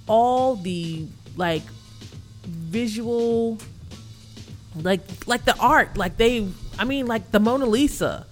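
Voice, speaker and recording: A woman co-hosting a podcast in casual chat, animated and full of fillers, swearing freely. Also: medium pitch. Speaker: podcast co-host.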